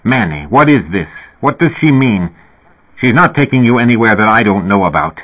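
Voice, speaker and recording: A man's voice: lowish voice, expressive, normal speed, slightly rough. A man reading the part of an angry, fearful old man in a raised, urgent voice, heard through a narrow-band radio sound. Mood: alarmed.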